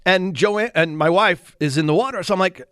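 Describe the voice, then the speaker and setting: Man, sixties, high voice, self-mocking storyteller, casual radio chat. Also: fairly quick, a bit bright, no room sound, clean studio sound. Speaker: radio co-host.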